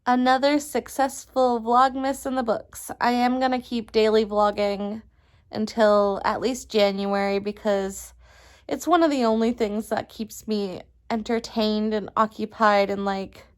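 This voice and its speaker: A woman vlogger reading a rhyming picture book aloud at home at night, in an unhurried storytelling way, then chatting casually. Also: a little high, steady tone. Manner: unhurried storytelling, laughs between lines.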